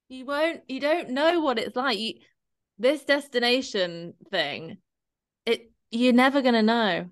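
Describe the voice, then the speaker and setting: A woman's voice: on the high side, expressive, measured pace, a bit bright. A woman co-hosting a podcast as a fitness coach, talking bluntly and animatedly, sometimes swearing and acting out other people's voices. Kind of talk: casual podcast chat.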